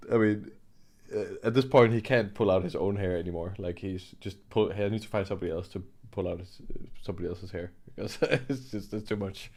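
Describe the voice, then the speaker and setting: A young man hosting an art livestream, rambling and joking in a relaxed chat while he laughs and swears. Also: deep voice, fairly quick. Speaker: livestream host and digital artist.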